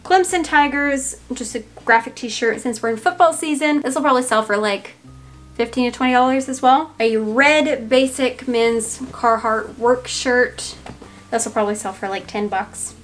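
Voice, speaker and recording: A woman's voice: a little high, moderate pace. A woman with a Southern US accent chatting casually to camera, thinking aloud with fillers as she goes through a thrift haul. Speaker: reseller showing a thrift haul.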